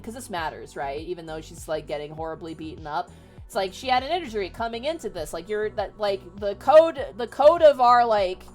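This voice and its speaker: Rambling, sarcastic woman streamer. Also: mid-range voice. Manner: rambling, sarcastic, profane, filler-heavy. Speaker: streamer retelling a book. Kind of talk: casual retelling to chat.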